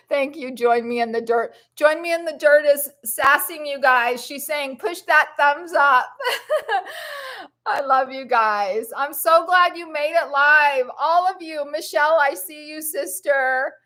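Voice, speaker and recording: High-voiced, effusive plant-based vlogger woman. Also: measured pace, hardly any pauses, a bit bright. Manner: effusive, encouraging, emotional. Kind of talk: live-stream motivational chat.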